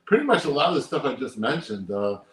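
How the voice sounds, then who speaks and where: A man's voice: mid-range voice, sing-song, fast talker. An older man, a poker player, talking casually and emphatically in an interview, repeating his points. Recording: roomy echo.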